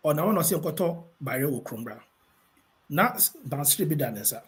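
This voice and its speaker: Man, Ghanaian accent, husky voice, a bit high, casual talk show storytelling. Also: lively intonation, brisk. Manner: storytelling, mixing Twi and English. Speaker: radio show host.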